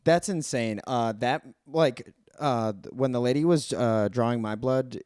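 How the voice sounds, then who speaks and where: A man co-hosting a podcast, chatting casually with stammering restarts and animated retelling. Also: mid-range voice, a little slow, smooth, dry recording, studio quality. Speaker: podcast co-host. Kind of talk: casual chat.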